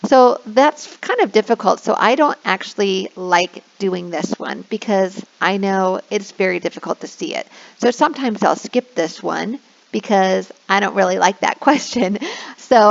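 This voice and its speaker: Gravelly-voiced woman teacher, lo-fi recording. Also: mid-range voice. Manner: switches into slow, exaggerated sing-song when modeling classroom prompts. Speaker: online English teacher giving a tutorial. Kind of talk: instructional screen walkthrough. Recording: dull lo-fi recording.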